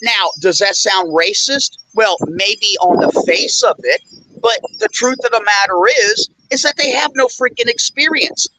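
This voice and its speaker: A man's voice: sits high, a little slow, pushed and bright, a little hiss or hum, rough recording. A male host telling a rambling, indignant story in a casual chat, full of fillers. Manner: blunt and indignant. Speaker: show host.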